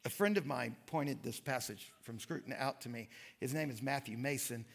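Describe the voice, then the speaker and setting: A man giving a sermon lecture, telling stories and reading quotes with lively emphasis. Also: medium pitch, normal speed, gravelly. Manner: animated storytelling, reads quotes with emphasis. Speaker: pastor.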